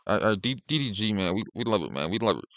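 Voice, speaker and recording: A man's voice: on the low side, sing-song, fast, no echo, muffled recording. A man streaming, giving casual reaction commentary in a blunt, profane, ranting way with many restarts.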